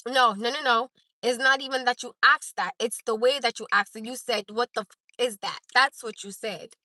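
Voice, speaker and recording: Parked in her car, a Newark-accented woman streams to viewers on her phone, chatting frankly and directly. Her fairly high, bright, forceful voice keeps a fairly even intonation at normal speed. The recording is dry and rough.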